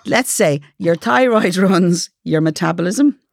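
A woman's voice: fairly low pitch, animated, a little slow, gravelly, a little mellow, no echo, clean studio sound. An Irish woman co-hosting a podcast, chatting wryly and laughing often. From Ireland. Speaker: podcast co-host. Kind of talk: casual chat.

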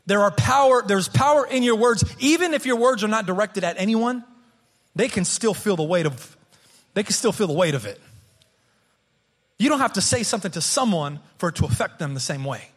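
High, husky-voiced young pastor preaching. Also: male voice, animated, brisk. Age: 30s. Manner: earnest, repeats words as he restarts phrases. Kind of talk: sermon.

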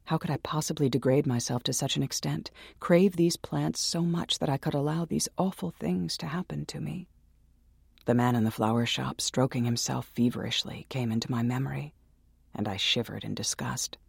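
Brief: gravelly, husky male narrator, hushed and ominous scripted horror reading. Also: medium pitch, normal speed, no room sound, studio quality. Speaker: narrator and host.

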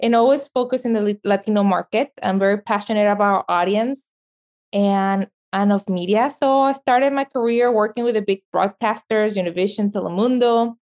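A middle-aged woman with a strong Mexican accent talks about her work with lively passion, laughing easily as she goes. Her voice sits in the middle range for a woman and comes through a dull, slightly lo-fi line. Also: mid-range voice. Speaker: guest, media entrepreneur. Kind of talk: interview conversation.

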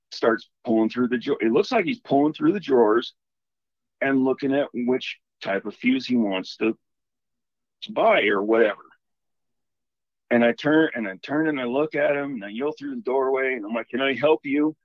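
A man calling in to tell a story in a casual, animated, rambling way. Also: medium pitch, no echo, dull audio. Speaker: caller telling a ghost story.

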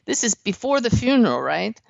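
A woman's voice: fairly high pitch, big pitch swings, fairly quick, creaky, a little mellow, no echo. A woman hosting an interview, supportive and asking leading questions. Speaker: interviewer host. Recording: dull lo-fi sound.

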